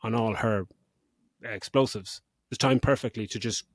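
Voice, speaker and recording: A man's voice: lowish voice, moderate pace, no room sound, studio quality. A middle-aged man co-hosting a podcast, recapping a film in casual chat, sarcastic, swearing freely and laughing often. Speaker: podcast co-host.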